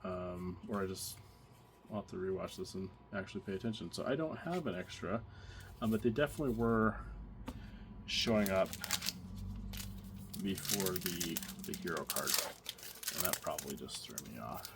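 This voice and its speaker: A man's voice: deep voice, moderate pace, creaky, pauses often. A man casually narrating as he opens card packs, thinking aloud with many fillers and restarts. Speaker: card collector opening packs. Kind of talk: casual unboxing commentary. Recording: audible background noise, card crinkling.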